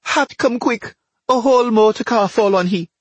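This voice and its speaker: A man doing a shrill, frantic wife. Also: lively intonation, a little slow, a little mellow, breathy edge, no echo. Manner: shrill, wailing, pleading. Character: frantic woman, fussing devoted wife.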